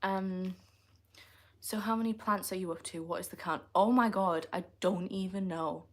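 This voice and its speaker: A woman's voice: medium pitch, normal speed. A woman, chatting casually on a livestream, answering comments in a playful, teasing way and laughing often.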